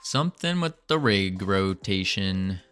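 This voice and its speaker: A man chatting on a stream in an unhurried drawl, his pitch rising and falling freely. His tone is bright and clear, and he thinks aloud with little restarts as he codes. Soft music plays faintly underneath. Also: expressive. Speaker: game developer streaming. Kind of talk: casual livestream chat while coding.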